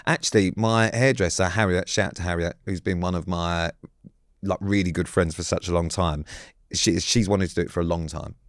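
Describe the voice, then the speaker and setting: A man's voice: deep voice, steady tone, a little fast, no echo, studio quality. Blunt, sweary middle-aged man. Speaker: podcast co-host. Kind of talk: casual chat.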